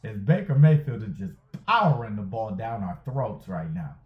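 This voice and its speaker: A man giving excited play-by-play commentary over a football video game he is playing, hyping and groaning at each play and repeating his phrases. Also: fairly low pitch, moderate pace. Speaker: gaming YouTuber. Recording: tinny phone-like sound in an echoey room.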